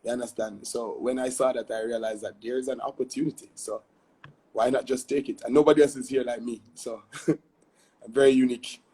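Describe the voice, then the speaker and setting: A man's voice: medium pitch, fairly even intonation, a little fast, mellow, husky. A young adult man with a Jamaican accent, a guest chatting animatedly in an interview, often adding "you see me?". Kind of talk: casual interview chat.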